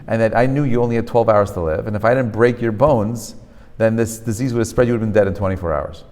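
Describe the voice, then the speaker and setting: A man teaching a class as a rabbi. He talks in an animated way, often checks with "right?", and mixes Hebrew terms into English. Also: fairly low pitch, quick pace, big-room sound. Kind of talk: lecture to a live class. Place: lecture hall with a live audience.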